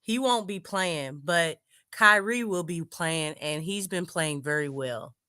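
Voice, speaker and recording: Slow, bright-voiced woman teasing on a podcast. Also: lowish voice, no room sound, studio quality. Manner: giggly, teasing. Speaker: podcast co-host. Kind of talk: casual sports podcast chat.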